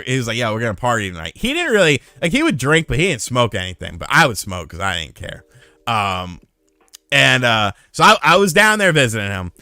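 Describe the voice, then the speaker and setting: A streamer in his thirties hosts a casual livestream, telling rambling, profane stories and thanking new members as they join. His voice is medium-pitched with a sharp tone and no room sound.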